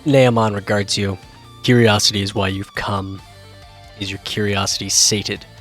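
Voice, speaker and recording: Game master putting on a scoffing horned bear-beast. Proud and gruff. Tabletop game. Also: male voice, on the low side, fairly even intonation, moderate pace, a bit bright, faint music behind, lightly acted. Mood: scornful.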